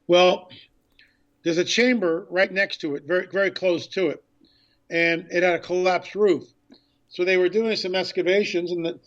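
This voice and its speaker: As a radio interview guest, the author and filmmaker tells a story with excitement, re-enacting earlier conversations. His voice is high-pitched and the audio is dull.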